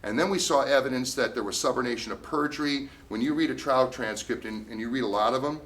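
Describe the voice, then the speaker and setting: A man's voice: mid-range voice, fast talker, a bit bright. A male attorney giving a talk at a meeting, telling a case story with emphatic, indignant storytelling. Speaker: tax attorney speaking at a meeting. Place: meeting room.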